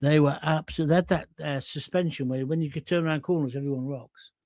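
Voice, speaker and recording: Older bloke doing a live rant show, sarcastic and blunt, highish voice, dry close sound. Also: male voice, fairly even intonation, fast, a little mellow, no echo. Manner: blunt, sarcastic, mocking voices in mini-skits. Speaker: host of a live online talk show reading viewer comments. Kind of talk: ranting live-stream commentary.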